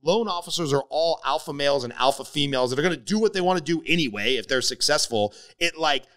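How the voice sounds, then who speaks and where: A middle-aged man hosting a podcast, telling a casual story with lots of swearing and animated retelling. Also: on the high side, quick pace. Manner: animated, swears freely, voices others in stories. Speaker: podcast host, mortgage coach.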